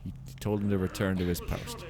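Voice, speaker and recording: A man's voice: deep voice, flat delivery, brisk, crowd noise. A man giving casual, rambling commentary over a video game, joking and mocking himself as he plays. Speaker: Let's Play commentator.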